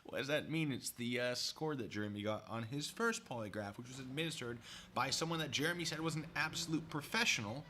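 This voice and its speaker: Close to his desk mic, a mid-range man talks fairly quickly in a sharp tone through a casual live stream, with a little hiss or hum audible. He rambles and drifts into asides aimed at his viewers.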